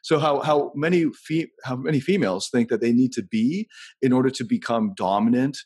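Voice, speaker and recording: A man's voice: medium pitch, a little fast, a little mellow, slightly rough. A man hosting a casual podcast conversation, rambling and thinking aloud as he tells anecdotes.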